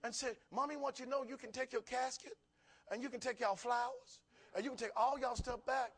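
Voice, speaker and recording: A man's voice: extremely high pitch, steady tone, a little fast, husky, voice pushed up. A male preacher voicing a cheerful little girl raised from the dead, telling her story in a plain, chatty way.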